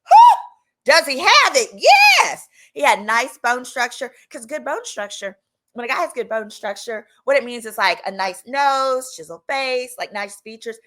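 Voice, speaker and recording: A woman in her thirties from Texas tells a personal story as a chatty, animated monologue. Her voice is bright and sits a little high, and she slips into quick impressions of the people in the story. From Texas, United States. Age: 30s. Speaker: lawyer and channel host.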